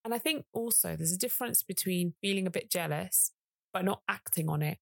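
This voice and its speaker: A woman co-hosting a casual late-night chat show, telling stories in an animated, emphatic way with frequent asides. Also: on the low side, a little fast, gravelly, no echo, clean studio sound. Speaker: podcast co-host.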